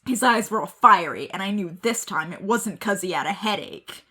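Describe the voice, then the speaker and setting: A woman's voice: medium pitch, lively intonation, moderate pace, pushed and bright, husky. A woman co-hosting a podcast, reading fan fiction aloud with theatrical delivery, giggling and joking between lines. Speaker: podcast co-host.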